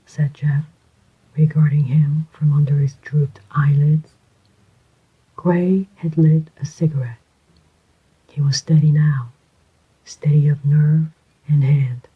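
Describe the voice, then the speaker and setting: Slow, hushed whispered role-play narrator. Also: medium pitch, husky. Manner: slow, even, hushed reading. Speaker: audiobook narrator. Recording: dull lo-fi recording.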